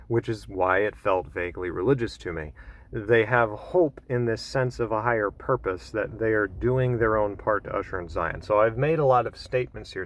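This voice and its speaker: A man giving a casual solo commentary, rambling with many fillers and self-corrections, with dry, wry asides. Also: lowish voice.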